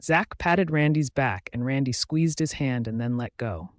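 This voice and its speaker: A man reading a first-person story aloud in a steady, matter-of-fact way. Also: medium pitch, unhurried, no echo, studio quality. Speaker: narrator. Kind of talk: scripted narration.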